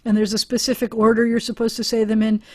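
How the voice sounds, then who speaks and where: A woman's voice: on the high side, little pitch movement, quick pace, a little mellow. A woman rabbi teaching a Hebrew class over a video call, chatty and encouraging, often laughing with her students.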